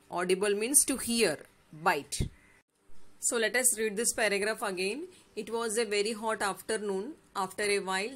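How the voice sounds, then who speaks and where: A woman's voice: mid-range voice, a bit bright. A woman teacher with an Indian English accent, reading a fable aloud and patiently explaining each word to her students. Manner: patient, explains words slowly, asks "yes or no?". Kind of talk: classroom story explanation lesson.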